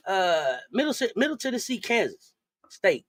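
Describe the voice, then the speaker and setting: A woman's voice: medium pitch, big pitch swings, normal speed. A woman co-hosting a casual live stream, giggling, laughing through her words and repeating phrases. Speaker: co-host.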